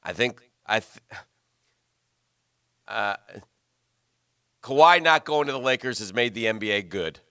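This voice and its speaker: A bright, forward-sounding male voice in close, dry studio sound. He chats loosely about the game, rambling and restarting his sentences. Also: medium pitch, animated, a little slow, long pauses, smooth, dry recording. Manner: rambling, chatty, many restarts. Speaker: sports radio host. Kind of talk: casual sports talk.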